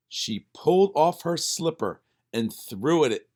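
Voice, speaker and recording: A man reading a children's storybook aloud with expressive narration. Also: a little high, takes it slowly, few pauses. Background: faint music.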